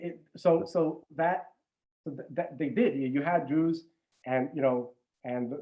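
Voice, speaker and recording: This regular podcast guest has a fairly high voice, and the recording's top end is cut off. He chats casually, wandering from point to point with frequent restarts and the occasional curse word.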